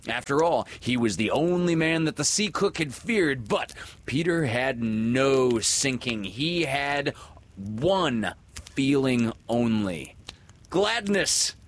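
A man narrating a children's adventure storybook in an expressive, measured way. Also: medium pitch. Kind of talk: storybook reading.

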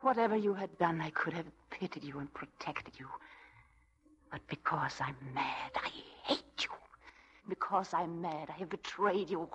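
A woman's voice: sits low, normal speed, a bit bright. An actress playing a wife turning coldly on her captive husband, in 1940s radio acting. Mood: feverish. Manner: bitter, mocking, feverish.

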